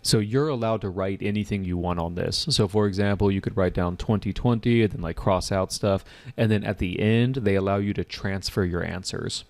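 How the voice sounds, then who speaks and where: A man's voice: low-pitched, a little fast, hardly any pauses. A man teaching an online test-prep class, acting out confused test takers. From United States. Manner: animated, acts out test takers' reactions.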